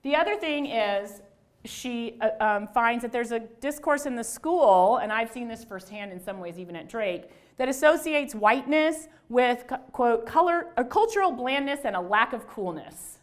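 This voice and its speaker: A woman's voice: fairly high pitch, animated, moderate pace. A middle-aged woman, a religious studies scholar, giving a conversational lecture to an audience, with self-deprecating asides and restarts. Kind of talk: lecture talk to a live audience.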